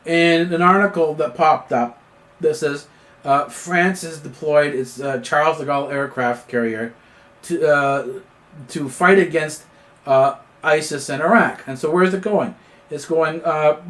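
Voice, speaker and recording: Man, news commentary host, hesitant and rambling, fairly high voice, lots of uhs. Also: fairly bright tone. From Canada. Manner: rambling, hesitant, with many fillers and restarts. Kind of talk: unscripted political commentary monologue.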